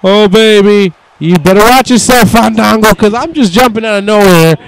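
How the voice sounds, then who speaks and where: A man's voice: sits high, normal speed, creaky, poor audio. A young man giving casual, mock play-by-play commentary over a wrestling video game, swearing and voicing the wrestlers' thoughts in asides. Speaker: gameplay commentator.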